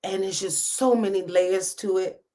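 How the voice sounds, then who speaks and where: A woman's voice: mid-range voice, fairly even intonation, a little slow, warm tone. A woman, hosting a live stream and talking to her viewers in an impassioned, preachy way, close to tears. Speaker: host reading live comments. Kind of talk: emotional live-stream commentary.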